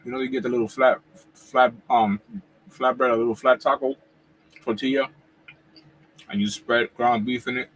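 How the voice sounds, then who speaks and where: A man in his forties hosting a casual live wrestling reaction chat at home, talking in relaxed slang while he eats. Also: medium pitch, normal speed, pauses often, a little hiss or hum, rough recording. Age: 40s. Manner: laid-back slangy talk, eating while talking. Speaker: wrestling YouTuber host.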